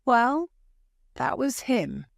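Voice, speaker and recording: A woman doing a gentle, protective grown man. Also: a little high, sing-song, very slow, vocal fry, no echo, clean studio sound, pitched above the performer's own voice, heavily acted.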